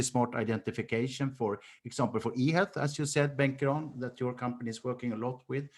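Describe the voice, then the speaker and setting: A man moderating a webinar question session, hesitant with frequent pauses and fillers. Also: medium pitch, a little mellow. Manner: hesitant, with frequent ums and uhs.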